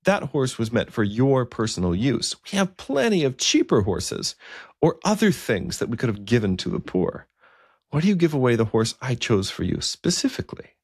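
A man's voice: mid-range voice, very animated, normal speed, darkish tone, husky, no room sound, studio quality, voice pushed up. A man voicing a humble medieval king in a retold story, questioning in an earnest way. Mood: puzzled.

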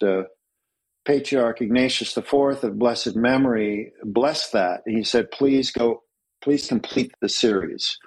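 A man interviewed about his work as a church author, speaking in a measured, earnest way and slowing down to stress key words. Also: medium pitch, slightly rough, poor audio. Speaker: interview guest, Orthodox clergy author. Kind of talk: thoughtful conversational interview.

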